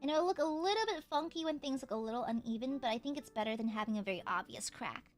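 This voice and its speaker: A woman's voice: sits high, lively intonation, fast, soft background music. A young American woman streaming as she paints miniatures, chatting casually and switching between English and Vietnamese, laughing often. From United States. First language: Vietnamese heritage speaker.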